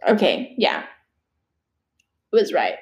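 A woman's voice: lowish voice, sing-song, takes it slowly. A teenage girl chatting casually on her own, rambling and swearing with laughing asides. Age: teens. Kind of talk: casual solo chat. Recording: echoey room.

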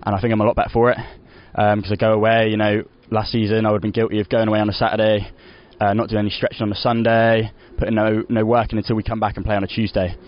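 A young adult footballer talks quickly in a lowish, fairly flat voice on a lo-fi recording. It's a casual post-match interview, and he rambles, restarting sentences and saying "you know" a lot.

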